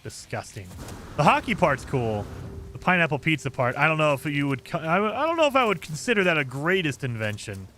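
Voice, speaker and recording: Lively, bright-voiced man chatting with chat. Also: on the high side, fast talker, a little hiss or hum. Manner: chatty, reacts to viewer comments, frequent fillers. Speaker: gaming streamer. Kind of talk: casual chat with live chat.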